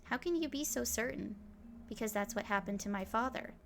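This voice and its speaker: A woman voicing a sharp-tongued young woman scientist in a visual novel. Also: a little high, fairly quick, vocal fry. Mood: bitter. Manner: cutting, dismissive.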